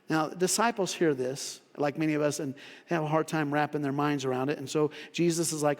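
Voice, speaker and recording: A man preaching a sermon as pastor in a church, conversational, acting out quotes in sudden high voices. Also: fairly even intonation, a little fast. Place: church sanctuary. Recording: long reverb of a church hall.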